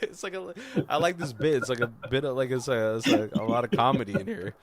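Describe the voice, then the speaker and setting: Guy just chattin about a movie, keeps laughin and doin the lines. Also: mid-range voice. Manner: loose, laughing retelling with quick quoted voices. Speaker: podcast co-host. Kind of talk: casual movie recap.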